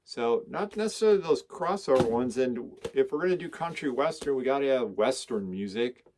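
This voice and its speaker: A man talking casually about his records at a mid pitch. He rambles along with enthusiasm and stops to list song titles as he goes. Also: expressive, normal speed, darkish tone, slight background noise. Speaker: record collector vlogger. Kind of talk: casual chat showing records.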